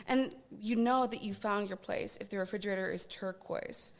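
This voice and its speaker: Young woman guest comic from the American South, sardonic banter, medium pitch. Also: normal speed, creaky, few pauses. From Texas and Louisiana, USA. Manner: dry, sardonic jokes with mock voices. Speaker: guest comedian. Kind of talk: casual podcast chat.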